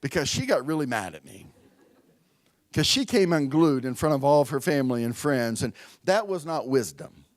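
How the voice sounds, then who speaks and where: A man's voice: mid-range voice, very animated, normal speed, no room sound. A middle-aged man preaching a sermon at a church, conversational and storytelling, calling out to the congregation. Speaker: pastor.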